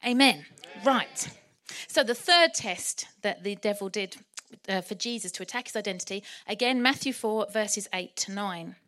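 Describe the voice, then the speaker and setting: A woman preaching a sermon in church, lively and humorous. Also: mid-range voice, normal speed, hardly any pauses. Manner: lively, humorous and animated, often laughing.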